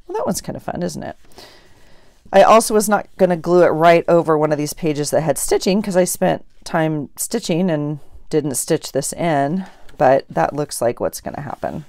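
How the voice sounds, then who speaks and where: Chatty woman with a gravelly voice. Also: low-pitched, normal speed, no echo, studio quality. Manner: chatty, thinking aloud, excited gasps. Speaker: crafting vlogger. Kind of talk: casual chat while journaling. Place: home craft desk.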